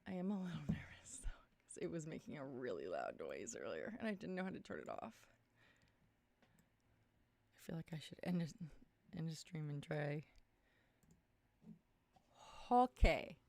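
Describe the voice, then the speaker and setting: A young woman hosting a casual livestream from her small room at home, chatty and excitable, jumping between topics while tired and losing her voice. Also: low-pitched, normal speed, gravelly, pauses often. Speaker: livestream host.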